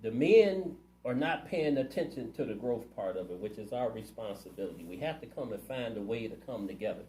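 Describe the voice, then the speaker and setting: A man's voice: fairly low pitch, animated, brisk, dark tone, echoey room, rough recording. A man running for city council, answering interview questions in a plainspoken, earnest way. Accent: Ohio. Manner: earnest, plainspoken, community-minded.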